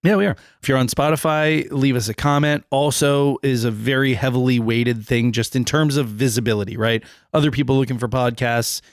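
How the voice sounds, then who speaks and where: A man with a gravelly, rough-edged voice wraps up a casual podcast in a loose, rambling, joking way. The sound is dry and close to the mic. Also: mid-range voice, steady tone, brisk, few pauses, dry recording. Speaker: podcast co-host.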